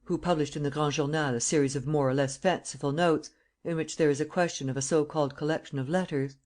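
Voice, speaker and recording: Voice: medium pitch, steady tone, quick pace, darkish tone, close to an everyday voice. An audiobook reader voicing a tall, impatient visitor with a foreign accent, curt and commanding. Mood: formal.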